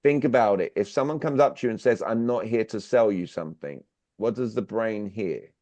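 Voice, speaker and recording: In dull, dry video-call audio, a workshop speaker delivers an online sales session, questioning his listeners pointedly and speaking to them directly. His voice is lowish and warm, at normal speed.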